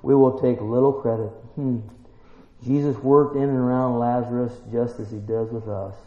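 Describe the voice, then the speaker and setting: A man preaching a sermon, emphatic and full of rhetorical questions, building to excited peaks. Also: medium pitch, moderate pace. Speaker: pastor. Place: church. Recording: roomy church, dull lo-fi sound.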